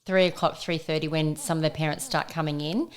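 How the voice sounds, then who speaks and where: A chatty middle-aged woman, talking casually as a childcare educator on a podcast. Her voice sits on the low side, and she laughs easily as she tells her stories. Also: steady tone, fairly quick.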